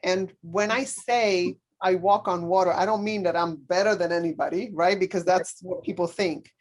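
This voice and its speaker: A woman speaking as a podcast guest, telling a personal story in earnest, halting speech full of fillers and restarts. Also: on the low side, steady tone. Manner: earnest, speaks openly about faith.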